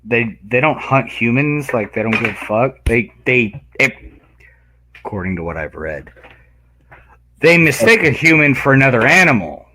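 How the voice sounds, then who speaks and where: A man in casual chat who tells animated stories, acting out voices and laughing loudly. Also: medium pitch, moderate pace, slight background noise. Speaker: guest.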